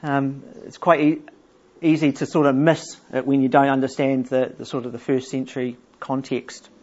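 A middle-aged man preaching a sermon, explaining scripture earnestly and reading verses aloud slowly. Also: mid-range voice, level tone, a little mellow. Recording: dull lo-fi church recording.

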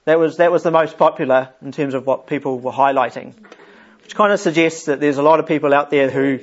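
A man's voice: fairly high pitch, a little fast, lo-fi sound. A man leading an informal Bible study for a group, chatty and often chuckling as he explains a psalm.

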